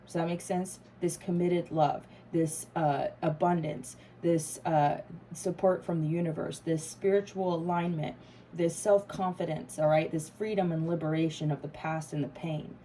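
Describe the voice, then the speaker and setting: A woman's voice: low voice, fairly even intonation, moderate pace, warm tone, a little hiss or hum, poor audio. A woman doing a casual tarot reading to camera, emphatic and swearing freely. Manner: emphatic, swears freely, laughs and gets emotional. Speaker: tarot reader.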